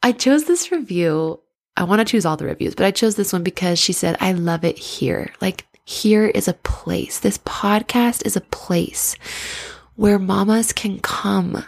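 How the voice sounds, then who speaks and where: A woman's voice: medium pitch, a little slow, vocal fry, slightly rough. A woman in her thirties hosting a casual podcast as a life coach, bubbly and chatty, laughing often, with a stuffy nose. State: stuffy nose from sinus blockage.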